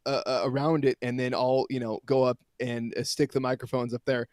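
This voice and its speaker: A man reporting as a guest on a sports talk show, telling a long story in a rambling, animated way with many restarts. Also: mid-range voice, brisk, no echo, clean studio sound.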